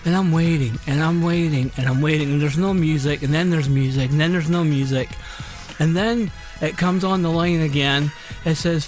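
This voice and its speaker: A man's voice: a little high, normal speed, faint music behind. A man hosting a podcast, telling a story in a casual, exasperated way and repeating phrases as he recounts each step. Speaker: podcast host.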